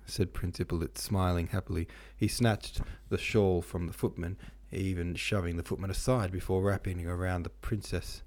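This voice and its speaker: A man with a low voice retells a classic novel in loose, profane slang. His narration is irreverent and casual throughout. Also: fairly even intonation, normal speed, few pauses, darkish tone.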